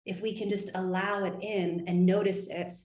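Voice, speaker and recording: A woman coaching a group in an earnest, animated voice. Her speech is pitched mid-range for a woman, and she acts out her inner thoughts as she talks. The sound is echoey, as if she were in a bare room. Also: moderate pace. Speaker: life coach.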